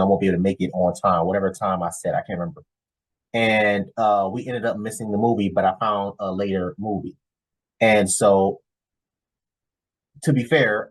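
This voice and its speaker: A man vlogging a casual, animated story, acting out dialogue and tossing in "whatever" often. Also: lowish voice, poor audio. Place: lives in Florida.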